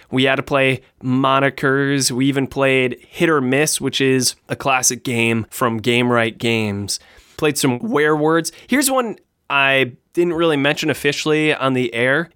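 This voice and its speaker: Upbeat podcast dude, smooth clear voice, dry close sound. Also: male voice, mid-range voice, dry recording. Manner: enthusiastic, animated storyteller. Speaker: podcast co-host. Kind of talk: casual chat.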